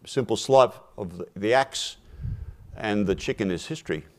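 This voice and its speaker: A man speaking at a forum, telling a simple fable in a measured, deliberate way and dropping his voice for punchlines. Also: on the low side. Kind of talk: storytelling a fable in a talk.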